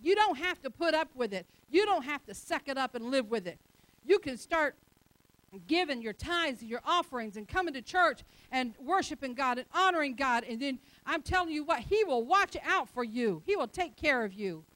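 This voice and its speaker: A woman's voice: high voice, expressive, moderate pace, a bit bright, dry recording. A woman preaching a sermon in an emphatic, conversational way, acting out quotes as she goes.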